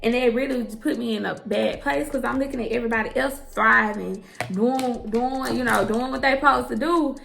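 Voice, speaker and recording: A woman's voice: on the high side, normal speed, creaky, hardly any pauses, fairly bright tone. A young woman, a hairstylist, telling her story to the camera in a blunt, emphatic way, swearing freely and calling her listeners girl and y'all. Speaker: hairstylist and entrepreneur.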